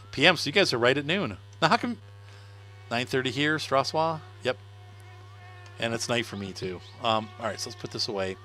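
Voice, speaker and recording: A middle-aged man livestreaming a game talks in a bright, forceful mid-range voice. Chatting casually as he plays, he laughs often and responds to comments from his viewers.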